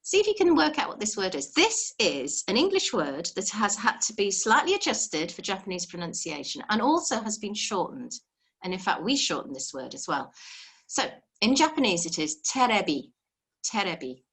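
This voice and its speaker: A woman's voice: mid-range voice, big pitch swings, normal speed, fairly bright tone, husky. A woman teaching a live online language lesson, explaining patiently step by step and encouraging her students over a video call.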